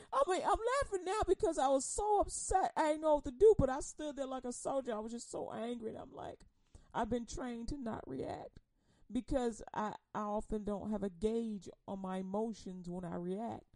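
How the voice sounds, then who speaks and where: A woman preaching a humorous sermon, telling animated stories, laughing often and acting out quotes in casual slang. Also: on the high side, normal speed, no echo.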